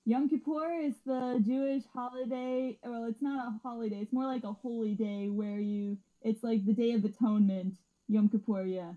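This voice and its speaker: A woman in a livestream group chat, calmly explaining the meaning of words in a casual way. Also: a little high, moderate pace, hardly any pauses. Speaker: show regular. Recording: tinny phone-like line.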